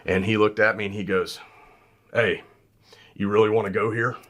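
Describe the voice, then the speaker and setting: A man's voice: lowish voice, level tone, moderate pace, a bit bright. A man co-hosting a podcast, earnestly reminiscing in folksy, casual storytelling. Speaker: podcast co-host.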